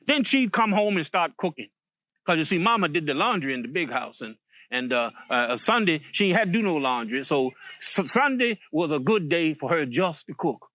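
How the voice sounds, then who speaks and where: A man's voice: fairly high pitch, sing-song, moderate pace, fairly bright tone, dry recording, studio quality. A man from Virginia telling a folk story aloud, in a folksy way with many repeated words and restarts. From Virginia, USA.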